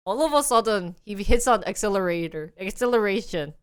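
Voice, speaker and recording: A woman's voice: medium pitch, lively intonation, brisk, few pauses, clear, resonant tone, no room sound, studio quality. A young woman streaming live, chatting casually and laughing often as she acts out scenes in voices. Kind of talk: casual livestream chat.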